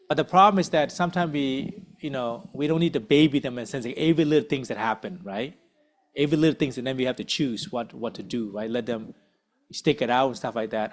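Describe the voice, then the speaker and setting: Male workshop leader, mid-pitched, chatty and relaxed, checks in with listeners, church group setting. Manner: conversational, frequent tag questions. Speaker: uncle.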